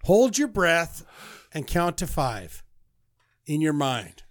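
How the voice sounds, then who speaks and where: A man's voice: a little high, sing-song, slow, no echo. A man co-hosting a casual podcast, goofy and playful, giving silly advice and bursting into song. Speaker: podcast co-host. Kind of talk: casual chat.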